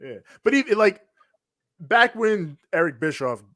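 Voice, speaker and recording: A man's voice: high voice, very animated, measured pace, bright, forceful tone, no room sound, clean studio sound. A man co-hosting a podcast, animatedly recapping wrestling in casual slang and acting out quotes. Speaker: podcast co-host.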